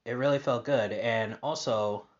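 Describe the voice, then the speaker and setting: A man's voice: medium pitch, measured pace, lo-fi sound. A man hosting a casual personal podcast monologue, upbeat and rambling with lots of fillers and restarts. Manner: upbeat, positive. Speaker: podcast host.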